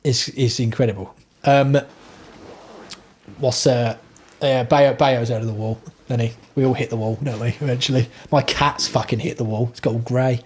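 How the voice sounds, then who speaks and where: Male streamer, husky voice, rambling, swears a lot, casual chat. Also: mid-range voice, steady tone, moderate pace, a little mellow. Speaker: livestream host.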